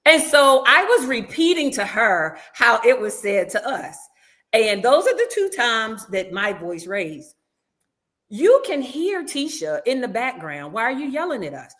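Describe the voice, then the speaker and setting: Animated woman with a lively voice. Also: fairly high pitch, a little slow. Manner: animated storytelling, acting out others' lines. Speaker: reality show cast member guest. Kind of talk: casual interview, recounting events.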